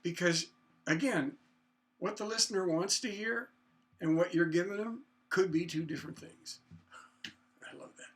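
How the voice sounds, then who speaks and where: A man's voice: high-pitched, normal speed, pauses often, fairly bright tone, slightly rough. A man giving a casual songwriting lesson, thinking aloud and humming bits of melody as he works out chords. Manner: thinks aloud, hums and sings snippets. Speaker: songwriting teacher. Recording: guitar playing behind the voice.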